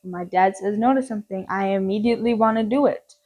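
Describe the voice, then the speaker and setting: A woman's voice: medium pitch, fast talker, a little mellow, poor audio. A young woman casually recapping a film plot, rambling and joking with lots of filler words. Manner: rambling, jokey, full of "like" and "um". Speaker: film reviewer.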